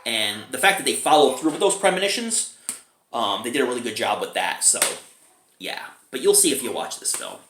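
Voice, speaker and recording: A man's voice: mid-range voice, expressive, brisk, fairly bright tone, slight background noise. A man casually reviewing a movie, chatty and chuckling often as he talks. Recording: roomy echo.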